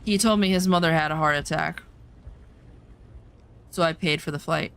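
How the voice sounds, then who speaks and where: A woman's voice: sits low, moderate pace, a bit bright, clear, resonant tone. A woman streamer chatting casually over gameplay, telling personal stories bluntly and emphatically, swearing now and then.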